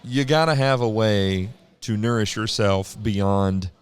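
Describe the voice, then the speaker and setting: A man's voice: fairly low pitch, takes it slowly, smooth. A man hosting a podcast interview in a casual, joking way, laughing often while he chats with his guest on a convention hall floor. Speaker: podcast host.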